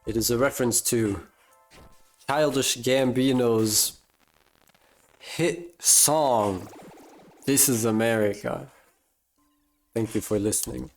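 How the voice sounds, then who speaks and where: Unhurried guy streamer, rambling live chat. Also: mid-range voice, soft background music. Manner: rambling, self-mocking jokes, drawn-out fillers. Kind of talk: casual live-stream chat while gaming.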